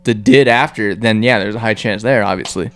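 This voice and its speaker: A man's voice: lowish voice, fairly quick, a bit bright. A man co-hosting a casual podcast, rambling with fillers and crude remarks. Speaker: podcast co-host.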